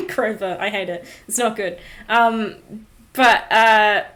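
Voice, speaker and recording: A woman with a blocked nose chatting casually and excitably on a live-streamed podcast, giggling and swearing a lot. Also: mid-range voice, slow, a crowd in the background. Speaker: podcast co-host. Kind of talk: casual chat about a show.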